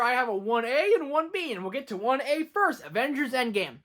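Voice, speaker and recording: A man's voice: very high voice, big pitch swings, a little fast, fairly bright tone. A young man counting down his favorite films in a casual vlog, gushing and emphatic. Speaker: film reviewer.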